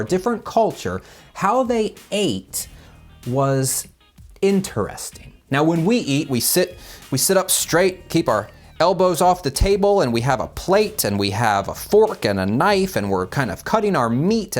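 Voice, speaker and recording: A middle-aged man teaching a children's Bible lesson, telling the story in an animated way and checking in with the kids as he goes. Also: fairly high pitch.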